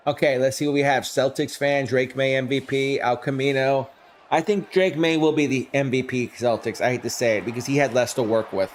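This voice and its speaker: A man streams play-by-play of a simulated game, leaping up on big plays and chatting loosely with his viewers as he answers chat. His voice is medium in pitch and fairly quick, with a slight hiss or hum in the audio.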